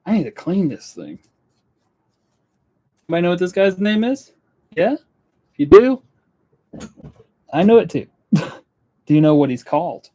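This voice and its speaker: With a high, sing-song, mellow voice, a young man from Western North Carolina talks at normal speed, pausing often. He's a woodworking YouTuber chatting casually on a live stream from his indoor studio. He comes across as earnest and rambling, frequently interrupting himself.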